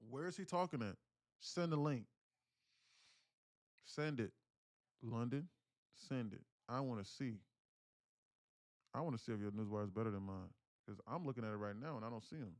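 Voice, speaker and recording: A man's voice: medium pitch, expressive, normal speed, long pauses, no room sound, clean studio sound. A man talking casually to his livestream audience, telling a story animatedly in street slang. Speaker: day trading livestreamer.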